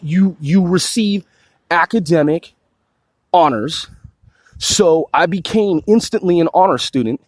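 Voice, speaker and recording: A man's voice: fairly high pitch, no echo. A man ranting in a profane, combative and boastful monologue, peppering his speech with "dude". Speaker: crowdfunding campaigner.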